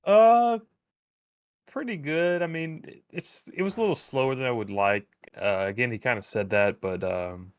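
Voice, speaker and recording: A man's voice: fairly low pitch, lively intonation, brisk, hardly any pauses, no echo. A man co-hosting a live stream, giving blunt, dismissive opinions on game trailers in casual chat. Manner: blunt and dismissive, many fillers. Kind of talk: casual gaming show chat.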